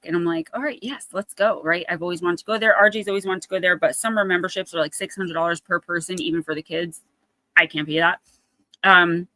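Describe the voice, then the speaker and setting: A woman's voice: fairly low pitch, pushed and bright, no room sound. A woman in her thirties hosting a casual livestream, chatty and storytelling, acting out little quotes. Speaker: oracle card reader, livestream host.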